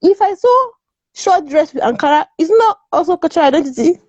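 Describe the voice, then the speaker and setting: A woman's voice: extremely high pitch, expressive, brisk, muffled recording, noisy background. A woman from Nigeria, speaking as a guest in a casual discussion. She is emphatic, repeats words and laughs often. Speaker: guest panelist.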